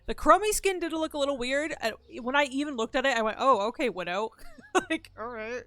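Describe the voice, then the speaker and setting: A woman's voice: sits high, lively intonation, quick pace, fairly bright tone. A sick woman streamer with a nasal, congested voice, chatting casually and rambling with viewers while playing a game, swearing now and then.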